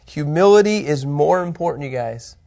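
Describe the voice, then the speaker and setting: A man teaching an informal Bible lesson, animated and chatty, often checking in with his listeners and his co-host. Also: fairly high pitch, moderate pace, vocal fry.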